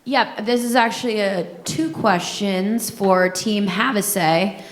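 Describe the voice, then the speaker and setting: A woman's voice: medium pitch, slow, echoey room. A woman moderating a live event, reading audience questions and cheering on the teams. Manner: upbeat, cheering. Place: large event hall.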